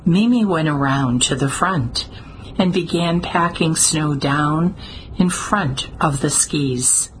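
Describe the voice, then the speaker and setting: Low-voiced, slow woman narrator. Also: a little hiss or hum, low-quality recording. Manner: steady and measured, with small slips. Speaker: audiobook narrator. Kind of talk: scripted narration.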